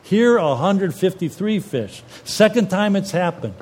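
A man preaching a sermon, retelling scripture in a lively, colloquial storytelling way. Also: high voice, a little slow, breathy edge.

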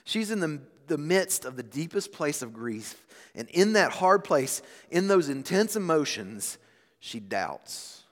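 A thirties-aged pastor gives an expressive sermon, his slightly high voice rising and falling as he goes a little slowly. Volume shifts sharply between forceful emphasis and near whispers, echoing with long reverb as if in a big hall.

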